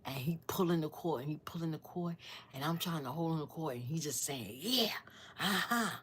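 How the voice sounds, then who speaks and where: A woman in her sixties telling a personal story on her channel, earnest and devout, rambling as she searches for words and sometimes dropping to a hushed near-whisper. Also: sits low, fairly even intonation, fairly quick, a little hiss or hum. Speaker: storyteller vlogger.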